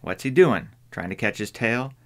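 A man's voice: medium pitch, animated, moderate pace, a bit bright. A man voicing a stern older woman housekeeper, speaking urgently and emphatically. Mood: impatient.

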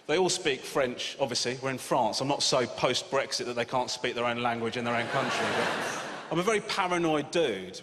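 A man in his forties with an English accent doing a sardonic, exasperated stand-up routine with loud outbursts. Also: mid-range voice. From England. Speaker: stand-up comedian. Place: large venue with a live audience. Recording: live hall reverb with loud audience noise.

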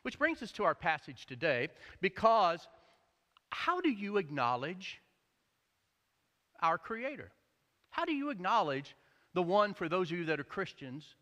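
Male pastor, bright lively delivery, joking sermon, echoey church hall. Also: sits high. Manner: animated, jokey storytelling. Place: church sanctuary.

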